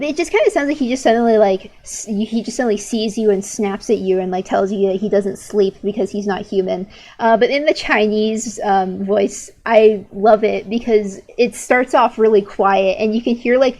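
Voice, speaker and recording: A woman's voice: mid-range voice, darkish tone. Rambling, opinionated teenage girl streamer. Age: late teens. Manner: rambling and opinionated, many "like" fillers and restarts. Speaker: art streamer. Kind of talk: casual chat while drawing on stream.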